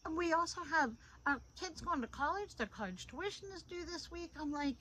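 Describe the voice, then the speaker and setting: A middle-aged woman giving an informal devotional talk into a phone. She is animated and repeats phrases for emphasis. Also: very high-pitched, moderate pace, poor audio. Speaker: devotional host.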